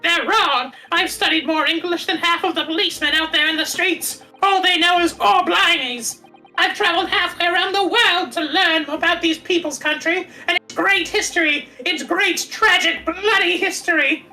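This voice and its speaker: A woman's voice: extremely high pitch, normal speed, bright, forceful tone, faint music behind, low-quality recording. A woman voicing a despairing young male student accused of murder, self-pitying and clingy, reading a visual novel aloud. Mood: bitter.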